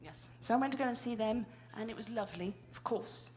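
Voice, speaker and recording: Self-deprecating British woman, stage co-host, chatty live banter, slightly high register. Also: fairly quick, a little mellow. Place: live music venue.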